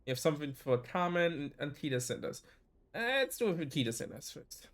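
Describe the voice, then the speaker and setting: A man's voice: fairly high pitch, sing-song, fairly quick. A man streaming, reading a narrative video game aloud and often stopping to correct himself. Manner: frequent self-corrections and restarts while reading.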